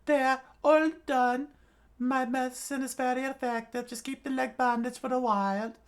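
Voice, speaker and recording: A man voicing a shrewd, sharp-tongued old woman doctor in a manga read-aloud, pushing his voice high and strained. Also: fairly even intonation, moderate pace, clean tone. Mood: bossy. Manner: bossy and haggling.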